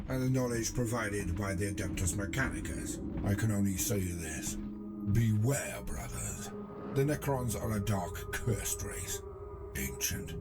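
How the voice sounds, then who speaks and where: A grave, dutiful space soldier speaks in formal, solemn tones, as a man plays him. His voice sits low. Music plays clearly behind him. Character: grave male Space Marine scout, dutiful. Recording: video audio over music.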